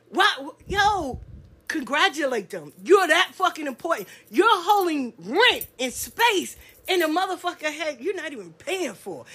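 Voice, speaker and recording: A woman hosts a casual podcast, talking bluntly and full of profanity. Her voice sits high and bright. She swings widely in pitch and mimics the people she talks about. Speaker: podcast host. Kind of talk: casual solo podcast rant.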